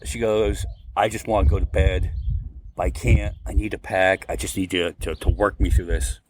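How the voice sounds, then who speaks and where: Here the podcast co-host's low-pitched voice moves at a normal pace amid background noise. His telling is loose and rambling, and he voices each quoted line with lively energy.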